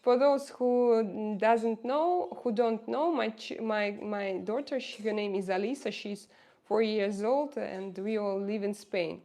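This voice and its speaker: A woman's voice: medium pitch, unhurried, warm tone. A woman from Russia speaking English with a Russian accent, hosting a casual livestream at home, hesitant and full of fillers as she greets viewers. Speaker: livestream host.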